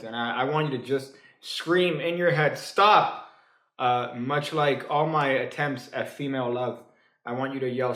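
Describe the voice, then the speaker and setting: A man's voice: medium pitch, fairly bright tone. A man teaches a card trick with plenty of "uh"s and restarts. He slips in dry, offhand jokes as he goes. His mid-range voice rings a little in an echoey room. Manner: halting, full of fillers and restarts; dry, joking asides. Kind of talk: casual comedic tutorial.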